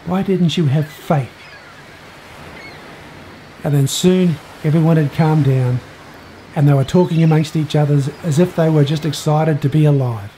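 Expressive man telling a children's story. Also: fairly high pitch, moderate pace, slight background noise, low-quality recording.

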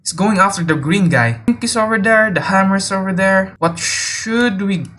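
A man giving jumpy, excitable gameplay commentary, teasing other players and often yelping and laughing. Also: high-pitched, normal speed, slight background noise. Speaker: video game player. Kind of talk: let's play gameplay commentary.

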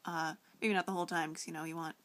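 Chatty young woman with a low voice. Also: little pitch movement, fast, fairly bright tone. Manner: rambling, many fillers and restarts, giggly. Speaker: vlogger replying to a friend. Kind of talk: casual video reply.

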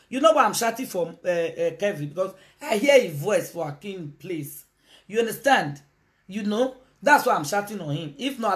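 A Nigerian woman hosting a casual live video, talking to her viewers and slipping into Pidgin. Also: medium pitch. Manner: animated, switches into Pidgin, calls out to viewers. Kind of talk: casual live-stream talk.

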